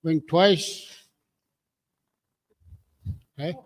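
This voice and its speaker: A man emceeing a community meeting, calling out draw numbers slowly with jokes. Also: fairly high pitch. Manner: jokey, drawn-out number calling.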